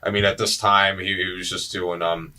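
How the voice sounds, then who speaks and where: A young man hosting a casual movie podcast, animated and joking, swearing freely. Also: low voice, moderate pace. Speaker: podcast host.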